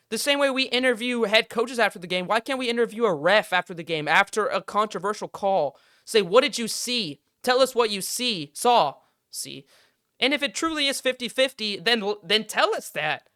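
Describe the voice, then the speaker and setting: A man's voice: high-pitched, sharp tone, smooth, no echo, studio quality. A young man hosting a sports podcast, ranting heatedly and with plenty of swearing. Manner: heated, profane, exasperated ranting. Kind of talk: casual sports rant.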